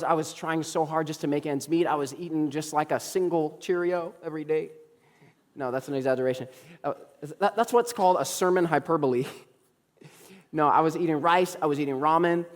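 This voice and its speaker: Young male pastor preaching in a reverberant hall. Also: fairly high pitch. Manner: storytelling, acts out quoted dialogue, humorous asides. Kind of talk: sermon. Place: church sanctuary.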